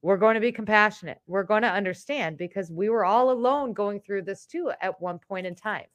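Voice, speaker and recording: A young adult woman hosting a casual live podcast, chatty and animated, laughing often and restarting her sentences. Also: medium pitch, fairly quick. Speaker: podcast host. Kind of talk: casual live-stream chat.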